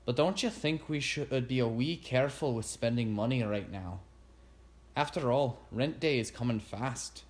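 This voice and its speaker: A man's voice: mid-range voice, moderate pace, lightly acted. A man voicing a small, careful Scottish woman inventor with a thick Scottish accent, in a storybook reading. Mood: practical. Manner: careful, dry, thrifty.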